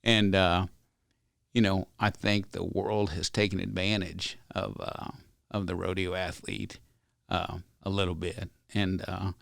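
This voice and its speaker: A man's voice: low voice, little pitch movement, unhurried, gravelly, fairly bright tone, no room sound, clean studio sound. A man being interviewed on a podcast, telling stories in a folksy, earnest, rambling way. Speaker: ranch company owner, podcast guest. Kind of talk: casual interview storytelling.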